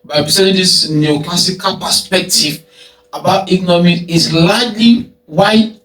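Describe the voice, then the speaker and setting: A man's voice: high-pitched, fairly even intonation, moderate pace, a bit bright. A man teaching an economics lesson, who poses rhetorical "what?" questions, answers them himself and repeats key phrases. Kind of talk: recorded lecture. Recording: echoey room, mic at a distance.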